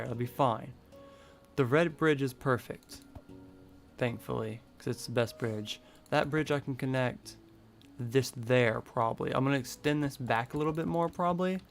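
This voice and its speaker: A man live-streaming a building game, thinking aloud in a rambling, casual way. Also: medium pitch.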